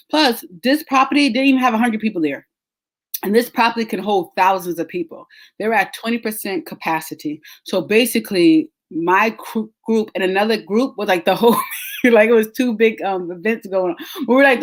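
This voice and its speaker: A woman in her thirties hosting a podcast, telling a story in animated casual chat and laughing often. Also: mid-range voice. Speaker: podcast host.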